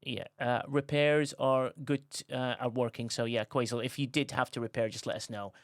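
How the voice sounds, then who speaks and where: A man's voice: medium pitch, fairly even intonation, moderate pace, no echo, clean studio sound. A man hosting a casual live stream, joking sarcastically and reading out viewer comments. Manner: joking, sarcastic, reads chat aloud. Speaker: streamer host.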